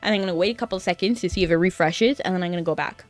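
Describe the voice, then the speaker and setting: This young woman, a VTuber, chats casually on a gaming stream in a lowish voice that races along over soft background music. She rambles freely, saying "like" constantly.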